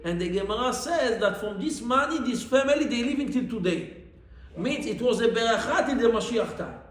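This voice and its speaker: High-voiced rabbi in an echoey room. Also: male voice, brisk. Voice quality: non-native English, mixing in Hebrew terms. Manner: animated, cries out the widow's pleas in a high voice. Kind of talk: Torah class storytelling.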